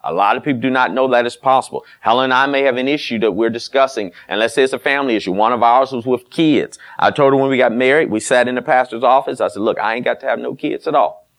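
A man's voice: mid-range voice, fast talker, hardly any pauses, a bit bright. Middle-aged pastor guy, preaching blunt and folksy, teases the crowd. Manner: folksy and blunt, with teasing asides and quoted dialogue. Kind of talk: sermon on marriage.

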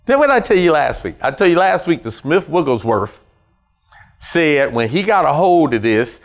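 Animated male pastor preaching. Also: fairly high pitch, normal speed. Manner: animated, acts out the congregation's voices. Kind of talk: sermon. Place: church.

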